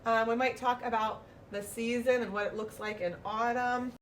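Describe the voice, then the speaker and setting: A woman preschool teacher describes her classroom routine in a somewhat high, flat voice at a moderate pace, switching into a sing-song teacher tone whenever she demonstrates. She is recorded from some distance in an indoor classroom, with a faint background hum.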